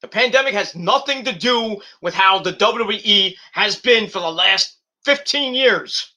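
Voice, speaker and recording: A young man hosting a wrestling review channel, ranting hotly and swearing as he goes. His voice sits high and rings very bright and edgy. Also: expressive, unhurried. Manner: profane, heated ranting.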